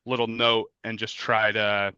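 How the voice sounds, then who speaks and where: Bright-voiced comedian, easygoing and chatty. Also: male voice, fairly low pitch, little pitch movement, a little slow, smooth, no echo, dull audio. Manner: easygoing, lots of "yeah" and "like", laughs. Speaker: comedian guest. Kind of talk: casual interview chat.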